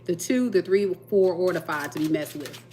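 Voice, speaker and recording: A woman's voice: lowish voice, normal speed, dark tone, slight background noise. A woman giving a live tarot reading, talking playfully to her viewers and often breaking into laughter. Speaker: tarot reader.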